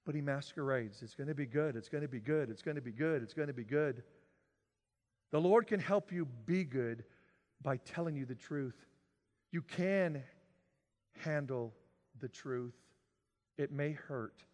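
A man preaching a sermon, swinging from loud, emphatic declarations to quiet, drawn-out lines. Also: a little high, in a large hall. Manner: dramatic swings from shouting to near-whisper. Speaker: pastor.

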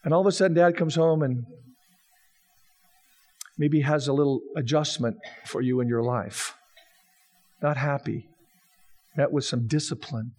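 A man's voice: a little high, a little mellow, breathy edge. A man preaching a sermon as pastor, building emphasis through repeated phrases. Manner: preaching with rising emphatic repetition.

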